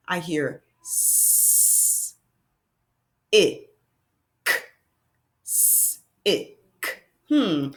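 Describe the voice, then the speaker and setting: Woman teacher leading a kids' phonics lesson, mid pitch with a very lively range, over-articulates sounds. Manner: animated, exaggerated sounding-out of letters.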